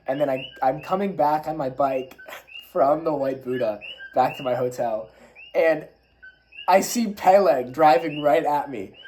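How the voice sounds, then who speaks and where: A man's voice: on the high side, unhurried, a little hiss or hum, rough recording. Young man telling a travel story. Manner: animated, swearing, spiritual talk. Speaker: travel vlogger. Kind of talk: casual storytelling monologue.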